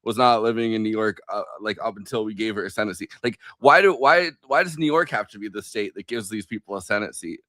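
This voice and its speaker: A man's voice: fairly low pitch, fast talker, few pauses, sharp tone, no room sound. A man co-hosting a podcast, chatting casually about politics, rambling with fillers and restarts. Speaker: podcast co-host.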